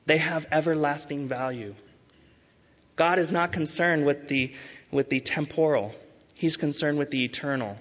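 Pastor, male, earnest sermon delivery, slightly higher voice, dull sound with long reverb. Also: fairly bright tone. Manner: earnest, urging, with emphatic rises and slow stresses.

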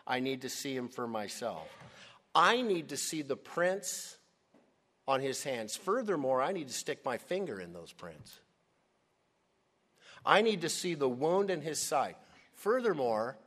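A man acting out a stubborn, doubting male apostle who speaks with blunt, flat refusal, as part of a sermon. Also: mid-range voice, unhurried. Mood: defiant.

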